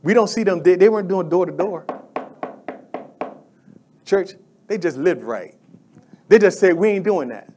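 A middle-aged man preaching with fervent, conversational energy. His voice sits high for a man, and he repeats phrases and calls out to the congregation as he builds his points. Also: animated, a little slow, pauses often, mellow, a little hiss or hum. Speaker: pastor. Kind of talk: sermon.

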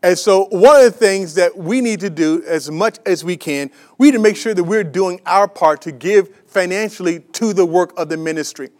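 A man's voice: high voice, normal speed, hardly any pauses. A man preaching a sermon as a pastor, emphatic and repetitive, with many restarts and fillers, asking the congregation rhetorical questions.

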